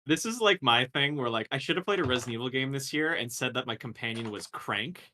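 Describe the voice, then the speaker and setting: Bright-voiced joking man. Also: mid-range voice, lively intonation, a little hiss or hum. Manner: laughs, quick jokes. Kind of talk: casual livestream chat.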